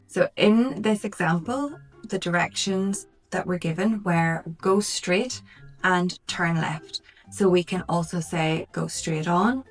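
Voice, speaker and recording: A woman teaching English in a clear lesson, carefully modelling word stress and repeating words slowly. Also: lowish voice. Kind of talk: slow, clear language lesson. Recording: slightly distant mic, faint music behind.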